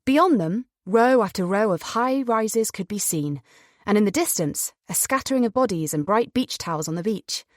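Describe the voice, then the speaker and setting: A woman narrating an audiobook in an expressive storytelling manner, close to the microphone. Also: medium pitch, normal speed, no echo.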